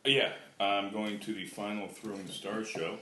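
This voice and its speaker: A man co-hosting a podcast, relaxed and low-key, trading stories and agreeing easily. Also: unhurried. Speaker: podcast co-host. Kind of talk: casual chat. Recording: roomy echo, faint noise.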